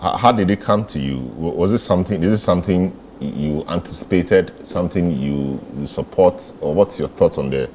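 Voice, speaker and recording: A man's voice: sits low, moderate pace, hardly any pauses, a little mellow, a little hiss or hum. A man hosting a TV talk show in a studio, pressing his guests with probing questions. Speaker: host.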